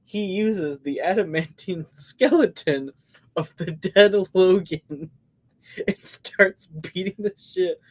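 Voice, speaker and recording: A man co-hosting a live podcast in a casual movie review chat, retelling scenes with lively acted-out quotes. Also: high voice, slow pace. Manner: animated storyteller, acts out scenes. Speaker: podcast co-host.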